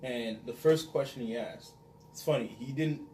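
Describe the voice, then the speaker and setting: A man's voice: medium pitch, mellow, slight background noise. Reflective man on a roomy podcast. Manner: measured, reflective takes. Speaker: father. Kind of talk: casual podcast chat. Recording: roomy room, distant mic, faint ambience.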